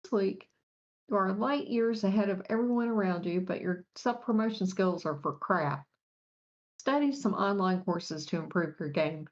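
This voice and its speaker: A woman's voice: mid-range voice, moderate pace. Woman reading podcast horoscopes, kinda muffled lo-fi sound. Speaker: podcast co-host. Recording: dull lo-fi audio.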